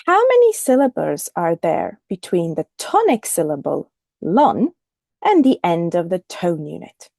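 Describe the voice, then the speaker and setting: A woman teaching a recorded lesson, speaking clearly and deliberately and modelling the intonation of example phrases. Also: on the low side, huge pitch swings, dark tone, no room sound, clean studio sound. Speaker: English teacher.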